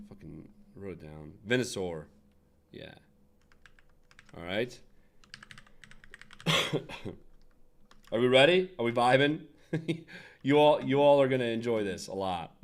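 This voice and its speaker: A young man hosting a casual design livestream, rambling and laughing as he chats with viewers. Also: on the low side. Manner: rambling, restarts, frequent laughs and asides to chat. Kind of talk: casual livestream chat and tutorial.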